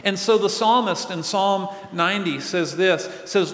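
High-voiced and animated, this pastor speaks at a moderate pace with few pauses and a fairly bright tone. His sermon in a big church hall is earnest and conversational, full of questions for the congregation, and the room echoes with long reverb.

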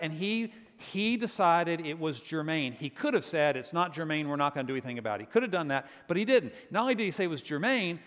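A man from Virginia, a pastor preaching a sermon and telling stories with lively quoted voices. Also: on the high side, long reverb tail.

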